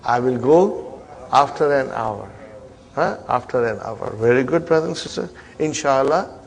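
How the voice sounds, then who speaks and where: A man teaching an Arabic grammar class in English, drilling students with repeated questions and quick prompts, mixing in Arabic and Islamic phrases. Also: medium pitch, lively intonation, creaky.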